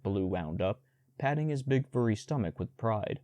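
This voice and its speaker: A man narrating a storybook audiobook in a measured, even storytelling manner. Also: lowish voice, no echo, studio quality.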